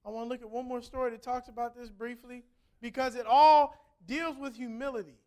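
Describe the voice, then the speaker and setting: High-voiced pastor preaching conversationally. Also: male voice, fairly even intonation, a little fast, darkish tone, clear, resonant tone. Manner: storytelling, conversational preaching with rising emphasis. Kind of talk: sermon.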